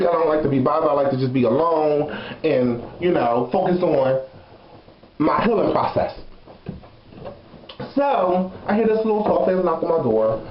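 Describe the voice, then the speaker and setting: A young man telling a story in a casual vlog, sassy and animated, laughing often. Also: fairly high pitch, reverberant, lo-fi sound. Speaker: vlogger.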